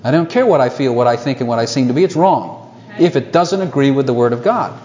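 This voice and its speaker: A man preaching a sermon to a congregation, animated, laughing often and asking rhetorical questions. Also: medium pitch, fairly quick.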